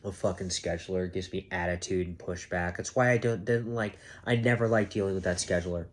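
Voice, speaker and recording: A security guard with a slightly rough voice vents to his camera while half awake. Emphatic and deliberately profane, he frequently mimics managers in a high, mocking voice.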